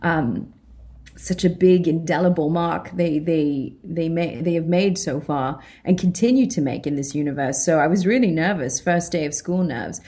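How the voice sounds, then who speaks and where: A British woman, an actress, chatting in an interview, animated and laughing often as she acts out her own reactions. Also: deep voice, normal speed. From Britain. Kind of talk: casual interview chat.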